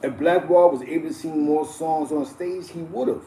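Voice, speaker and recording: A man's voice: a little high, moderate pace, background noise. A middle-aged man hosting a live stream, telling stories in blunt, profane casual street talk and chuckling as he goes. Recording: roomy echo.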